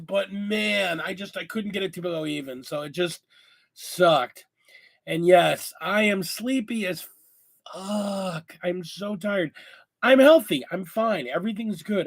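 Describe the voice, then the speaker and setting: A man's voice: sits high, a bit bright. A man hosting a casual video chat, tired and coughing after an illness, rambling candidly and swearing now and then. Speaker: host.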